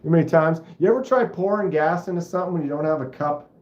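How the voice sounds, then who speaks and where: A man's voice: a little high, rapid-fire. Rambling man on a roomy stream. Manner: rambling, animated storyteller who mimics engine sounds. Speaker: livestream host. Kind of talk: casual livestream chat. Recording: roomy, slightly dull home stream audio.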